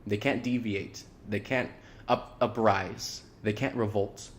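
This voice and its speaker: A man's voice: fairly low pitch, fairly even intonation, slow. A man hosting a casual spiritual monologue, rambling and earnest, with many "like"s and "you know"s and frequent repeats. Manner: loose, earnest, repeats himself.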